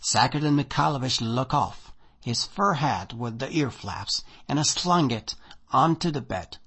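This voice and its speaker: Husky, expressive male storyteller. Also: medium pitch, measured pace. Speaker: narrator. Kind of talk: audiobook reading of a short story.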